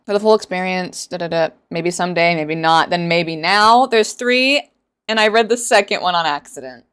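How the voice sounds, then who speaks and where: A woman's voice: on the low side, normal speed, a bit bright, clear, resonant tone. A woman hosting a casual book reaction vlog, sarcastic and rambling, often laughing at her own jokes. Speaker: book reviewer.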